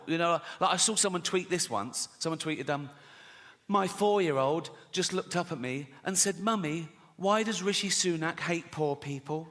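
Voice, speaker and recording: A man's voice: on the high side, bright, forceful tone. Sardonic man in an echoing hall. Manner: sardonic, swearing, breaking into laughter. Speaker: comedian. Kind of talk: stand-up routine.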